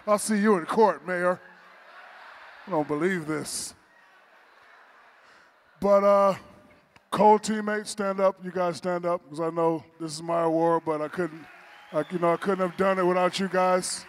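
A man's voice: high voice, fairly even intonation, unhurried, long pauses, a little hiss or hum. A man in his forties giving a playful, teasing acceptance speech at an awards dinner in a banquet hall.

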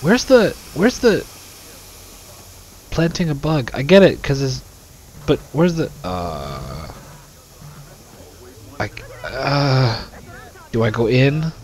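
This let's play host is a young man whose mid-range, slightly mellow voice moves slowly in a sing-song way, pausing often. Sarcastic, profane and joking, he gives casual gameplay commentary into a desk microphone over slight background noise.

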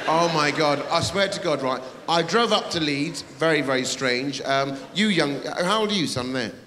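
A man doing live stand-up comedy, teasing the audience and bursting into shouts. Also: fairly high pitch, normal speed, noisy background. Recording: live theatre recording, long reverb, loud crowd.

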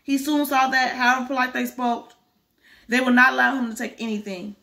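A woman's voice: high voice, level tone, fairly quick, creaky, pushed and bright. A woman reading a storybook chapter aloud, carefully, restarting on hard words. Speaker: reader.

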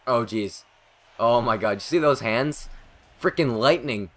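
A young man giving live commentary over a video game, excitable and rambling, swearing often and talking to himself. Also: medium pitch, measured pace. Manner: excitable, swears a lot, rambling self-talk. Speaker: gaming commentator.

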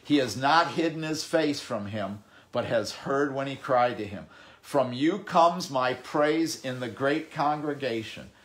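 A male pastor delivering a heartfelt sermon in a voice of ordinary, middle pitch. He reads scripture out slowly and deliberately, and often repeats a word as he gathers his thought. His delivery swings from loud, emphatic peaks down to quiet, low passages. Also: animated. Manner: emphatic, swings between loud bursts and quiet stretches, repeats words as he thinks.

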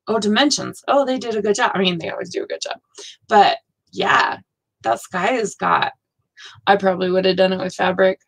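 A woman's voice: medium pitch, low-quality recording. A woman hosting a casual live stream, thinking aloud and gushing with frequent exclamations. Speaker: host of a live stitching show.

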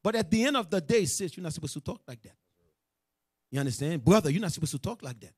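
A man teaching a religious class, preaching in casual street talk, animated and joking, with scolding asides to his listeners. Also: fairly high pitch, quick pace, breathy edge, no echo.

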